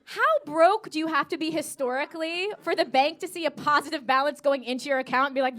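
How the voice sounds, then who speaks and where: An American woman performing a live stand-up set, animated and acting out dialogue in voices. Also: very high voice, fast talker, hardly any pauses. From United States. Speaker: stand-up comedian. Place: theater stage before a laughing audience.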